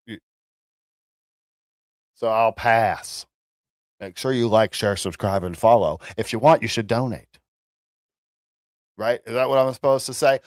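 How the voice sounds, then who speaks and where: A man chatting on his livestream in a sarcastic, offhand way, often stopping and restarting his words. His voice sits in a middle pitch and sounds dry and close. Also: no echo. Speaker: livestream host. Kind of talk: casual livestream chat.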